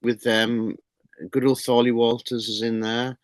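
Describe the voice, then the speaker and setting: A middle-aged horror magazine publisher, interviewed casually, rambles enthusiastically and keeps restarting. Even so, his medium-pitched voice has a flat delivery and a slightly slow pace, with no echo in the recording.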